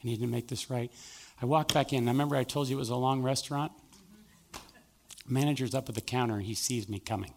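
A man's voice: mid-range voice, fairly even intonation, fast, creaky, background noise. A middle-aged male pastor preaching a sermon, telling a personal story and acting out both sides of the conversation.

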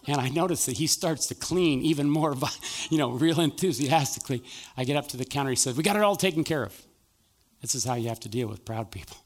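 Middle-aged pastor guy, gravelly husky voice, acts out the dialogue while he preaches. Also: medium pitch. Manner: animated storyteller acting out both sides of a dialogue. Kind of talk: sermon with storytelling.

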